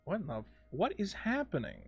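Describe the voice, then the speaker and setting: A man chatting casually with his viewers while playing a game on a live stream. He is excitable, stammers through restarts and swears a lot. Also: high voice, brisk, husky, muffled recording, soft background music.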